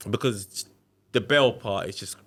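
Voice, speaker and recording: Animated man telling a story. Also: on the low side, measured pace. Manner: animated, acts out quoted voices, slangy. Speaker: podcast guest. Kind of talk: casual storytelling.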